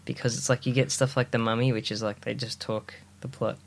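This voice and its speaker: A man's voice: mid-range voice, flat delivery, a little fast, gravelly. A young man co-hosting a casual chat about films, rambling enthusiastically with many restarts and fillers. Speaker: podcast co-host.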